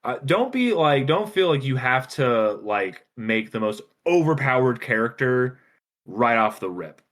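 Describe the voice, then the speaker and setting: A man's voice: medium pitch, very animated, a little slow, fairly bright tone. A man talking casually as a podcast guest, giving eager advice full of fillers about running tabletop games. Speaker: podcast guest, dungeon master. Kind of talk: casual chat.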